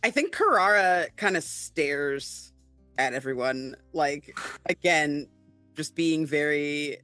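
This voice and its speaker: A woman's voice: sits low, wildly swooping pitch, measured pace, fairly bright tone, no room sound, soft background music. A woman player describing her character in a dry, hesitant way.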